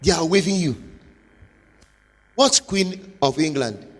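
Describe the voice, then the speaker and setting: A man with a Nigerian accent, a pastor giving a motivational sermon with forceful, repetitive exhortation. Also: fairly high pitch, animated, slow. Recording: long hall reverb.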